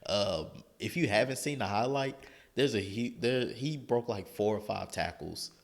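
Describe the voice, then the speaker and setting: A man co-hosting a football podcast, talking in a relaxed, slangy way with frequent ums. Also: fairly low pitch, moderate pace, gravelly. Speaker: podcast co-host. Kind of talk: casual sports chat.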